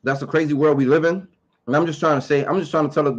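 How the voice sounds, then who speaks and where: A man's voice: fairly high pitch, steady tone, fast, highs cut off. A man giving his opinions in a casual monologue to camera. He talks emphatically, repeats his points and asks rhetorical questions.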